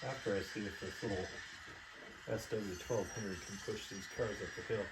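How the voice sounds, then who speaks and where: A man with a fairly low voice talks his way through hands-on work at his model railroad layout, relaxed and a little out of breath. He was recorded on a phone in his hobby room, with clear background noise. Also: moderate pace. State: breathing hard. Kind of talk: casual hands-on narration.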